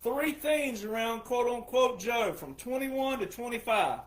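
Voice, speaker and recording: A man's voice: very high-pitched, expressive, unhurried. A man who is a retired veteran, giving an emphatic monologue full of repetition and rhetorical questions. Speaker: retired military veteran commentator.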